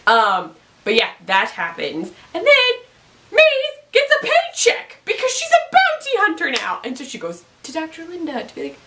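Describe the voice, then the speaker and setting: A woman chatting excitedly through a recap of a TV episode, rambling fan-style with lots of asides. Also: extremely high pitch, normal speed, a little hiss or hum, low-quality recording. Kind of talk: casual TV recap.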